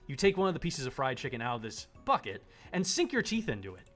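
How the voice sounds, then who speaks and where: Animated man streaming a dating game. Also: medium pitch, fast talker, hardly any pauses, soft background music. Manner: animated, dramatic reading with frequent laughter. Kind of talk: reading a visual novel aloud on a live stream.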